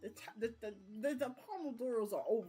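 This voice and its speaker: A woman's voice: a little high, fairly quick, dark tone, breathy edge. A young woman recapping a book chapter in a rambling, chatty way, full of fillers, on a casual live stream. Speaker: book vlogger.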